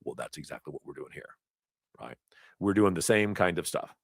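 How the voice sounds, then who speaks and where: Low, lively male tech instructor. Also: normal speed, creaky, dry recording, clean studio sound. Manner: conversational, asides and self-corrections. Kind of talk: live certification lecture. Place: training event room.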